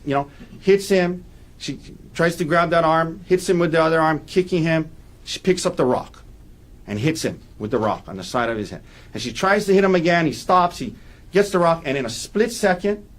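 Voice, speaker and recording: A man giving a courtroom opening statement as defense attorney, emphatic and repeating key points for weight. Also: fairly high pitch.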